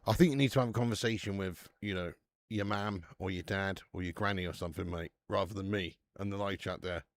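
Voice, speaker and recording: A man's voice: sits low, steady tone, fairly quick, no echo. A man hosting a casual football watch-along stream, chatting with the live chat and swearing casually.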